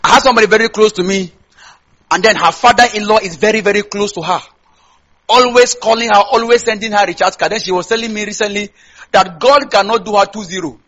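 A Nigerian man preaching a sermon in a high, husky voice. He talks straight to the congregation and keeps asking them questions so they answer back. His accent is plainly Nigerian. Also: quick pace, a bit bright, muffled recording. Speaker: pastor.

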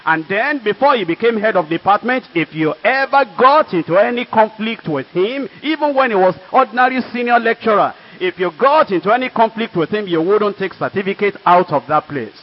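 High-voiced older Nigerian preacher. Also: male voice, lively intonation, fairly quick, hardly any pauses. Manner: earnest storytelling with emphatic asides. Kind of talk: sermon testimony. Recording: dull lo-fi recording.

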